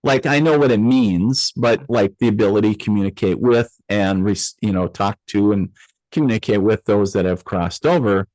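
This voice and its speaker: A man being interviewed, telling a personal story in a loose, animated way with many fillers and restarts, acting out the voices he quotes. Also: fairly low pitch, moderate pace, dry recording, rough recording. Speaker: interview guest, medium.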